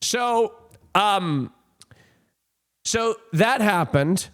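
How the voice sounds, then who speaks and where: A young man talking casually to his stream from a home desk mic. He rambles and mocks himself, leaning on fillers. His voice is slightly high and swings widely in pitch. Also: animated, drawn-out words, a bit bright. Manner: rambling, self-mocking, frequent fillers. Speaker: livestreamer. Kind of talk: casual chat.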